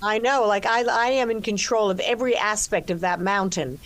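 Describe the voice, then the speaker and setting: An older woman in a relaxed interview, talking about making her film, full of restarts and "you know"s. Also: medium pitch, brisk. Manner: expansive, restarts often, many "you know"s. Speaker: actress and co-writer discussing her film. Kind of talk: conversational interview.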